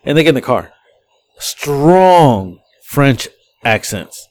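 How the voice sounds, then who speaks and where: Man, podcast host, rambling animated storyteller, laughs a lot. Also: mid-range voice, slow. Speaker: podcast host and Uber driver.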